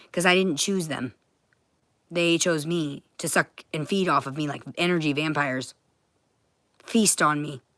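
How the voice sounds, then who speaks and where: A woman's voice: low voice, fairly bright tone, no room sound, clean studio sound. A woman ranting to her livestream viewers from home, swearing constantly. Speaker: vlogger.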